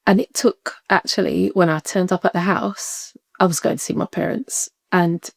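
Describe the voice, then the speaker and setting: A woman, a podcast guest telling a personal story in lively conversation, acting out what people said and laughing often. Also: lowish voice, normal speed, creaky, no room sound, clean studio sound. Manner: animated, acts out quoted voices, laughs often.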